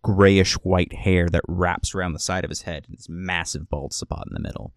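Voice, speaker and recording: A man's voice: low-pitched, steady tone, normal speed, no echo, studio quality. A man narrating as game master of a tabletop game, describing scenes in a rambling way full of fillers and restarts.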